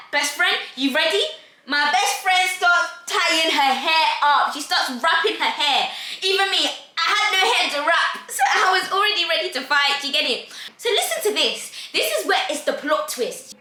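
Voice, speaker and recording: A woman's voice: very high voice, bright, forceful tone. A young woman telling a dramatic storytime, acting out everyone's voices. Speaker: storytime vlogger. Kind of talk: animated storytime. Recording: echoey room.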